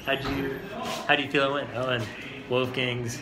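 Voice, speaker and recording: A man interviews a comedian right after his set, speaking loosely with plenty of pauses. Loud music booms through the echoing bar room around him. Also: level tone. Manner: loose, halting, swears casually. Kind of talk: casual backstage interview.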